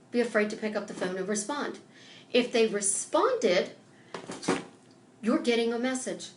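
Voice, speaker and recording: A woman life coach giving an emphatic, animated motivational talk on a live stream, acting out little conversations as she goes. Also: high-pitched, roomy sound.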